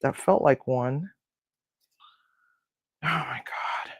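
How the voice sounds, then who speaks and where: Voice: mid-range voice, drawn-out words, husky, dry recording. A host chatting casually on a live cooking stream, talking to viewers and grumbling to themself while cooking in a home kitchen.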